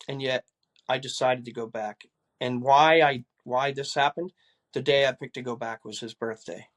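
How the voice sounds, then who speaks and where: A man's voice: mid-range voice, steady tone, moderate pace. Older man telling an earnest personal story. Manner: earnest, repeats words while recounting dialogue. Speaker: retired police assistant chief, guest.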